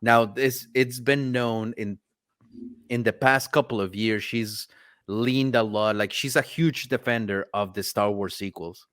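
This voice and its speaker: A man's voice: lowish voice, fairly even intonation, measured pace, fairly bright tone, no room sound, studio quality. A man hosting a casual chat, talking sarcastically and rambling with lots of fillers. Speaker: host.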